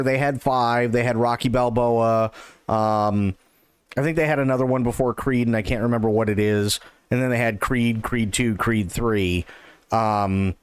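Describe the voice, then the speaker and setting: Animated swearing male streamer. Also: mid-range voice, clean tone, no room sound. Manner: rambling, animated, swears freely, lots of fillers. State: hyped on caffeine. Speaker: livestream host. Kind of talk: casual streaming chat.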